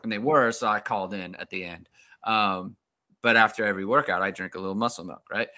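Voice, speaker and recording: A chatty man co-hosting a sports podcast, walking through things step by step. His tone is bright and forceful at a middle pitch. The recording sounds a little dull. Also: fairly even intonation, brisk. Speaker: podcast co-host. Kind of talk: casual sports podcast chat.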